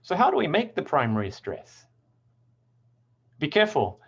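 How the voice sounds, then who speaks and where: A man teaching English pronunciation in a scripted lesson, speaking clearly and deliberately and stressing example words. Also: on the high side, huge pitch swings, lo-fi sound.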